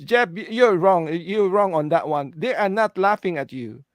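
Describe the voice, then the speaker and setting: A man's voice: high voice, animated, moderate pace, dry recording, clean studio sound. A man hosting a casual live stream, agreeable and hesitant, reading out viewer comments. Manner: agreeable, hesitant, reads chat comments aloud. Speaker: host.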